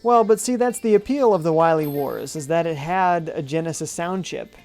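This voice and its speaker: A gravelly-voiced game streamer talks through play in a loose, chatty way, reading viewer messages aloud and answering them. Thoughts come out half-formed, with hums while weighing choices. Soft music sits faintly in the background. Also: mid-range voice, normal speed. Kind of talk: live-stream gameplay commentary, reading chat aloud.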